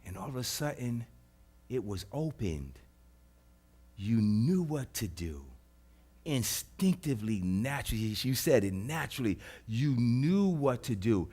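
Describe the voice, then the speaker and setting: A man preaching a sermon as pastor, swinging from hushed, soft lines to loud, emphatic repetition. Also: medium pitch, big pitch swings, a little slow, slightly rough. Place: church.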